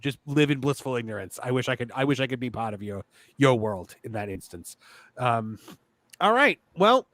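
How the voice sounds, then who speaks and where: A man's voice: medium pitch, lively intonation, normal speed, a bit bright, no room sound. A man hosting a casual livestream chat who reads out viewer questions and chats easily with his co-hosts. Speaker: livestream host.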